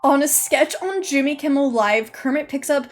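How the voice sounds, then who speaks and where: Excitable rambling woman streamer, high voice, lively swoops, faint music under it. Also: moderate pace. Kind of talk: casual live-stream chat.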